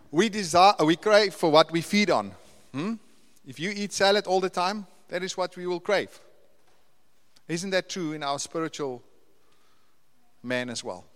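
Recorded with the long reverb of a church hall, a pastor with a fairly high, fairly bright voice delivers a conversational sermon to his church. He builds up to emphatic, repeated lists.

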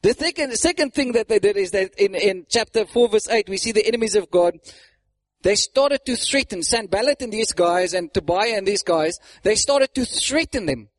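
A man preaching a sermon, animated, acting out mocking voices and laughing often. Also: high voice, moderate pace, no room sound.

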